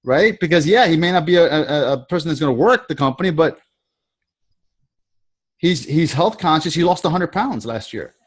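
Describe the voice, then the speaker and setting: Man coaching on a video call, higher voice. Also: animated, moderate pace, slightly rough. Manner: rambling, restarts sentences, repeats phrases. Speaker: sales trainer leading a group call. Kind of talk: casual coaching talk.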